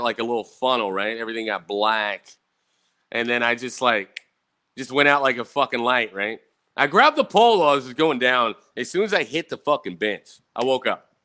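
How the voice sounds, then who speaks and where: A man's voice: medium pitch, lively intonation, normal speed, bright, forceful tone. A young man telling rambling, profane stories to his viewers in a casual storytime, often tagging "right?" onto his sentences. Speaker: vlogger.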